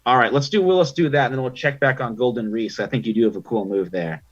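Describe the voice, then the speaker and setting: Chatty male game master, husky voice. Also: medium pitch, fast talker, highs cut off. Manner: chatty, many ums and likes. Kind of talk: narrating a tabletop game online.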